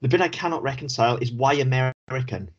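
A man's voice: mid-range voice, quick pace, husky. A man, co-hosting a podcast in casual chat, who is opinionated and emphatic and repeats words for stress. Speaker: podcast co-host. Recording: dull lo-fi podcast audio.

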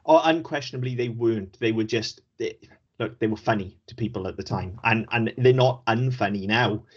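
A man's voice: lowish voice, normal speed. A man, co-hosting a podcast in casual chat, who is opinionated and emphatic and repeats words for stress. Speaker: podcast co-host. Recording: dull lo-fi podcast audio.

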